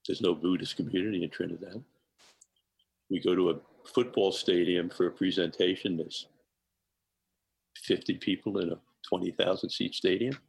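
A man, a chef, telling a personal anecdote in an interview, animated and laughing often. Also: low voice, normal speed, vocal fry, pauses often, slightly rough, no echo, low-quality recording. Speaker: guest chef.

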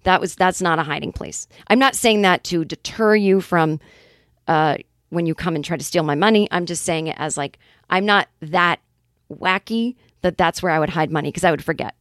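A woman in her forties hosting a comedy podcast, telling a casual monologue in a chatty, wry way with quick acted-out asides. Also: fairly low pitch, dry recording, studio quality. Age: 40s. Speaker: podcast host.

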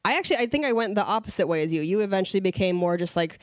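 A woman's voice: mid-range voice, animated, racing, no echo, clean studio sound. A woman co-hosting a casual podcast chat, telling stories animatedly, acting out quotes and laughing often. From Los Angeles area. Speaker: podcast co-host.

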